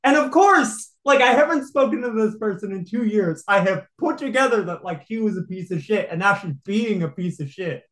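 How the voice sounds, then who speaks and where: A person telling a personal story in casual podcast chat, animated and laughing often. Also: mid-range voice, normal speed, few pauses, echoey room, rough recording.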